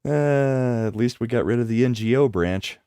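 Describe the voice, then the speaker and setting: A man's voice: medium pitch, normal speed, mellow, smooth, dry recording. A man co-hosting a casual podcast, chiming in with short dry quips and laughs. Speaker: podcast co-host. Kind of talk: casual chat.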